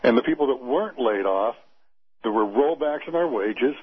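A male radio caller from Nevada, talking in an earnest, conversational way. His voice is husky and comes through a thin, phone-like line. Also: medium pitch, animated, normal speed.

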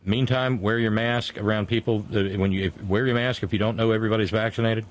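A middle-aged man hosting a talk show, speaking earnestly and haltingly with frequent restarts as he thanks his guest and listeners. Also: fairly low pitch, steady tone. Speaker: radio show host. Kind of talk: casual on-air chat and sign-off.

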